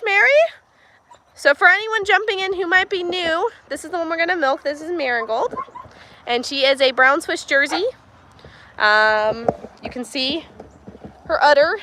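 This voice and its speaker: A woman with a very high-pitched, bright, forceful voice hosts a casual livestream while doing farm chores, chatting with viewers, talking to her animals and laughing often. It's recorded on a handheld phone in a farmyard and barn, with slight background noise.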